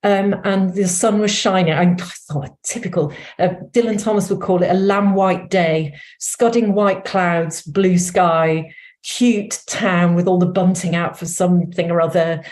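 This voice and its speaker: Laughing North Welsh woman, low voice. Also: a little slow. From North Wales. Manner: animated, laughs often, many fillers. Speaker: memoir author and former editor. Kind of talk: conversational interview answers.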